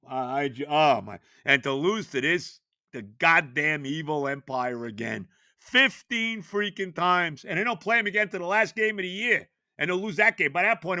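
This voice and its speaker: High, shouting, sharp-voiced older man. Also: no echo. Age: 70s. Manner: exasperated, shouting, stammering. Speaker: podcast host. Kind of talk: ranting sports talk.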